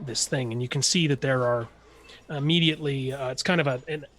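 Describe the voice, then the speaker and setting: A man's voice: medium pitch, a little fast, fairly bright tone. Man narrating a tabletop game. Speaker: game master.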